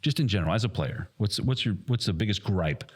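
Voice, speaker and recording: Animated swearing man telling a story. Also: fairly low pitch, fast talker, husky. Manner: animated storyteller, swears a lot, acts out quotes loudly. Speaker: podcast co-host and airsoft field staff. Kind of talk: casual podcast chat.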